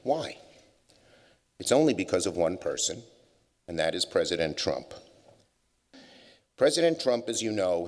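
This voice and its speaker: An older man giving a public speech at a business forum, telling wry anecdotes with plenty of fillers. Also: on the low side. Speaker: keynote speaker. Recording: long hall reverb.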